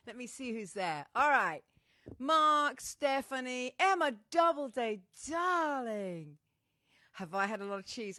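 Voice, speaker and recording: A woman's voice: sits high, big pitch swings, measured pace, sharp tone, no echo, clean studio sound. A woman musician hosting a casual livestream. She greets viewers as darling, chats effusively and swears freely while talking into a microphone at home. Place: at home, indoors. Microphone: microphone in front of her.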